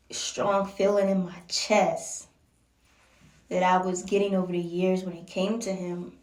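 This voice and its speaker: A young woman from Baltimore tells a personal story in a candid, emotional way, with drawn-out pauses and stretches that drop to a whisper. Her voice has a gravelly edge. She is heard from a distance in an echoey room. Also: fairly low pitch, darkish tone. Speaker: vlogger. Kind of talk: casual storytime monologue. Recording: roomy echo from a distance.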